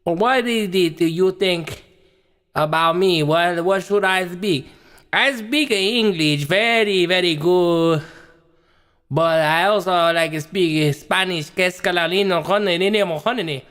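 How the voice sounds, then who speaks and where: A man's voice: high voice, unhurried, a bit bright. A man voicing a cheerful immigrant man caller with a mock accent and broken English, in an echoey hall. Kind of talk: comedy sketch role-play.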